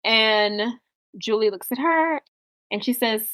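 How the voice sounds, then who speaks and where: Woman on a podcast retelling a movie plot, voice a bit high, jumps into character lines all the time. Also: takes it slowly. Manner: animated storytelling, acts out characters' lines. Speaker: podcast co-host. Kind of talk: casual movie recap.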